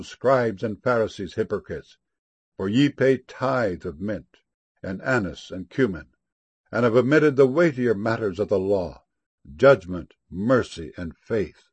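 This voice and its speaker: A man giving a solemn, measured scripture reading. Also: lowish voice, darkish tone, breathy edge.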